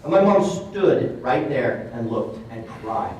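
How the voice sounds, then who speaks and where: A man's voice: medium pitch, animated, slow pace, a little mellow, distant mic, a little hiss or hum. Man telling a story in a roomy hall. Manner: earnest, conversational storytelling with emphatic repeats. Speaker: motivational speaker. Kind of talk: storytelling keynote talk. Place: conference hall. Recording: roomy hall sound from off mic.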